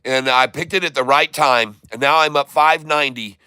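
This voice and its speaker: A stock trading streamer gives live day-trading commentary, calling out each price and fill as it happens and repeating tickers slowly. His mid-range voice is bright and smooth. The recording is dry and close.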